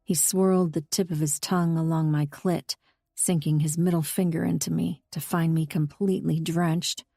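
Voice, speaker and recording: Woman reading an audiobook, lowish mellow voice, dead dry recording. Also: level tone, moderate pace, gravelly, breathy edge, dry recording. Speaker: audiobook narrator. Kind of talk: scripted first-person narration.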